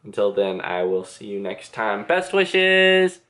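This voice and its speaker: A man's voice: sits low, level tone, normal speed, soft background music. A young man casually answering viewer questions in a vlog from his bedroom, chatty and self-deprecating, with many filler words. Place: bedroom with reading chair.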